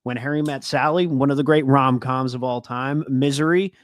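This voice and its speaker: A man's voice: mid-range voice, fairly even intonation, normal speed, no echo, studio quality. A man co-hosting a casual sports podcast, talking earnestly and often trailing off mid-thought. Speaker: podcast co-host.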